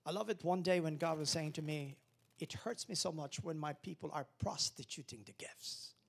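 A male pastor delivers an emphatic sermon, leading the congregation in call-and-response. His voice sits a little high with a husky, breathy edge. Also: moderate pace.

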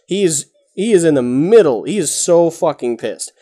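A man's voice: a little high, animated, normal speed, mellow, slightly rough. A man narrating as game master of a tabletop game, casual and full of fillers. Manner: casual, rambling with many fillers.

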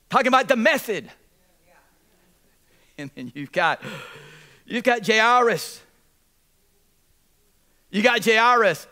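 High, bright-voiced preaching pastor. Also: male voice, moderate pace, pauses often. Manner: repetitive, animated preaching with audience call-outs. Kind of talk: sermon.

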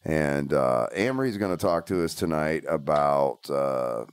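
A man's voice: rumbling low, animated, unhurried, smooth, no echo. A man in his forties hosting a casual family podcast, joking and swearing, rambling with plenty of fillers. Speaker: podcast host. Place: home studio.

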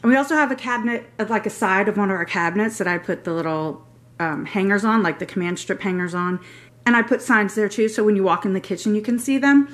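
A middle-aged woman shows off a shopping haul on camera in a casual vlog, gushing over each item and wandering into rambling asides. She talks fast in a mid-range, slightly bright voice.

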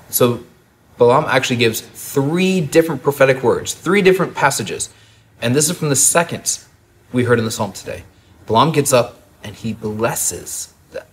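A man preaching a sermon as a pastor, and told the story in a lively, humorous way. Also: medium pitch.

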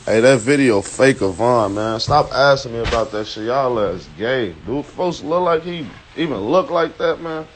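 A young man with a Chicago accent ranting on a phone live stream, boastful and loud, swearing and breaking into shouted chants. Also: medium pitch, animated, moderate pace, few pauses, slight background noise. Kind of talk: casual live-stream rant.

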